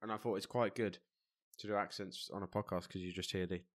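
A man's voice: deep voice, fairly even intonation, a little fast. A young English man co-hosting a podcast, ranting in blunt, jokey banter. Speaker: podcast co-host. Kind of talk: casual banter.

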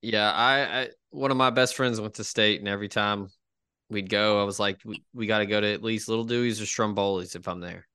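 A man's voice: on the low side, steady tone, fairly quick, pushed and bright, clean tone, no room sound, clean studio sound. A man hosting a casual chat podcast, upbeat and steering the talk with questions. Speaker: podcast host.

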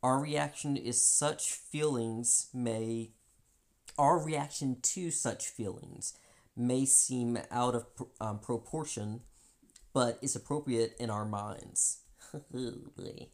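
A woman co-hosting a podcast, talking candidly about feelings in an animated way, often acting out voices and laughing. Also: extremely low pitch, slow. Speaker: podcast co-host. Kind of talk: candid personal chat.

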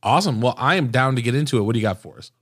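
A man's voice: mid-range voice, animated, very fast. A man co-hosting a true crime podcast, reading ads and chatting in an upbeat, easygoing way. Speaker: podcast co-host. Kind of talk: casual chat and ad reads.

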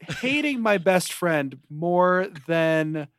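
A young man co-hosts a podcast, telling his best friend off in deadpan mock fury. His voice sits a little high. It is recorded on a close, dry mic with no room sound. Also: extremely slow, smooth, no echo. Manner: mock-angry deadpan rants. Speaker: podcast co-host. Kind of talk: casual chat.

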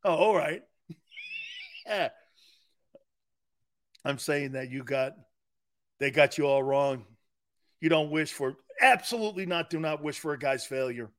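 A man's voice: a little high, expressive, measured pace, pauses often. A middle-aged man hosting a sports talk show, telling brash, joking stories and acting out the quotes. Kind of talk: animated sports radio monologue.

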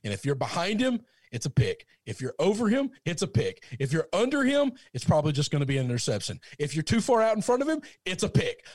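A man's voice: on the high side, dry recording, clean studio sound. A man co-hosting a casual sports talk show, telling stories with animation and acting out quotes. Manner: animated storyteller, acts out quotes. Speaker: podcast co-host.

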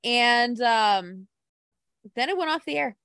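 A woman co-hosting a casual podcast chat, telling stories in an animated, gushing way. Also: a little high, takes it slowly, clear, resonant tone, no echo, clean studio sound.

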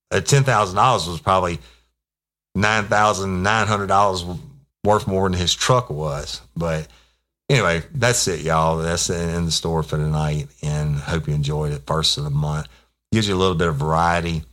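Very deep-voiced profane storyteller. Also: male voice, fairly bright tone. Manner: profane, rambling, folksy. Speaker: podcast host, former police officer telling stories. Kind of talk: casual storytelling.

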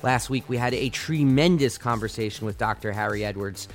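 A man's voice: mid-range voice, a little fast, faint music behind. A man hosting a sports podcast, delivering impassioned, argumentative solo commentary.

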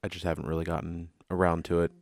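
A man co-hosting a podcast in casual chat, throwing in quick jokes. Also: deep voice, completely flat delivery, dry recording. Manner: quick joking interjections. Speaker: podcast co-host.

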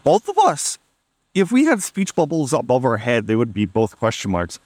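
A man's voice: medium pitch, huge pitch swings, moderate pace, darkish tone, no echo. A man casually telling a funny story on a podcast, amused and laid-back, acting out what people said.

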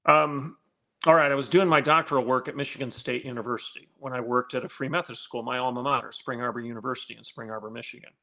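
A man's voice: mid-range voice, steady tone, quick pace, sharp tone. A man, a former college dean, telling a story in a podcast interview and building to pointed rhetorical questions.

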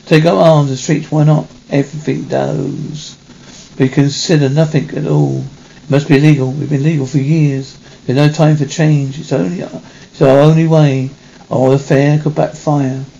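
A man reading a film script aloud in a halting way, correcting himself as he goes. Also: on the high side, little pitch movement, gravelly, mellow, muffled recording. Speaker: reader.

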